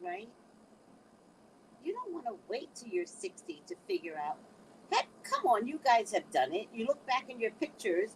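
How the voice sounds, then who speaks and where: A woman's voice: fairly high pitch, moderate pace, a little hiss or hum, rough recording. A middle-aged woman giving casual motivational advice, acting out quoted voices as she talks. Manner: animated, quotes others in changing voices. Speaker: speaker giving life advice.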